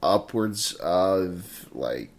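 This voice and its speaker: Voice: low-pitched, expressive, very slow, slight background noise. A young adult co-hosting a casual movie podcast, rambling and profane, full of filler words. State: coughing. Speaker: podcast co-host.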